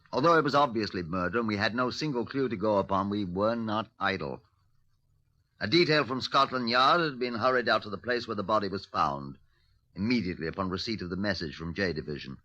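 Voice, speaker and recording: An actor playing a formal, matter-of-fact police inspector narrating an old radio drama. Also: male voice, low voice, bright, forceful tone, dry recording. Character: measured middle-aged male police inspector narrator. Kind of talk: 1940s radio acting. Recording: dull, lo-fi, dry old radio recording.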